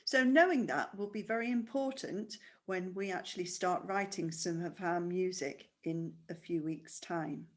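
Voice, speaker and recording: A woman's voice: fairly low pitch, measured pace, few pauses. A woman teaching a primary school music lesson online, patient and explaining step by step with questions.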